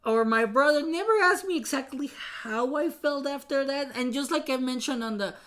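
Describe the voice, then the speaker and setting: A woman from Mexico hosts a podcast and tells a painful story from her own life. Her voice sits a little high. She talks haltingly, restarting sentences and leaning on many fillers. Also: a bit bright. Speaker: podcast host. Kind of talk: personal storytelling.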